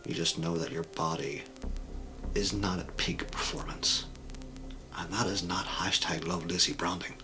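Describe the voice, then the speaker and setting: A man running a tabletop role-playing game as game master, narrating scenes in a measured, descriptive way. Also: sits low, fairly even intonation, over music, poor audio.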